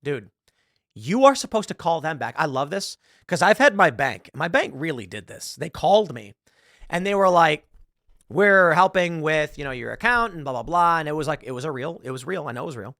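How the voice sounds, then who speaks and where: A man hosting a talk show, reading an article aloud and retelling stories in a sarcastic, animated way. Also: fairly high pitch, brisk, no room sound, studio quality. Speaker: podcast host.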